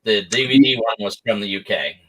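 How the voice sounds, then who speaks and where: A man's voice: lowish voice, a little fast, fairly bright tone, low-quality recording. A man chatting as a guest on an online call, friendly, laughing often and repeating words as he goes. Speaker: guest, video creator. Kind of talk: casual chat.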